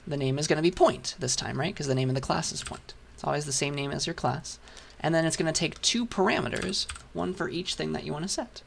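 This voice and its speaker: A man lecturing a programming class, patient and step by step while writing, his voice hoarse. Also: fairly high pitch, a little fast, hardly any pauses, a bit bright, a little hiss or hum. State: hoarse, losing voice. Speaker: university lecturer. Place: lecture hall.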